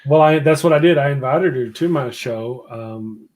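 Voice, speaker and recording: A man talking in a loose, casual chat. He rambles, restarts and trails off mid-thought, and turns teasing and animated when he tells a story. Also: medium pitch, moderate pace. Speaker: guest, morning show host.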